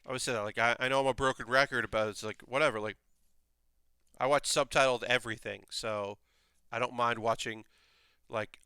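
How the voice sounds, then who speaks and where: A young man rambling casually while building a model kit on a live stream, with animated asides. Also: mid-range voice, a little fast, pauses often, clear, resonant tone, dry recording.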